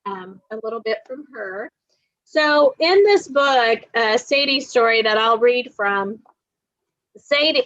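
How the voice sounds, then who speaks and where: A woman's voice: on the high side, a bit bright, dry recording. An American woman author, talking plainly and kindly about her book as a guest over a video call. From USA. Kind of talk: guest interview and reading. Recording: dull dry recording.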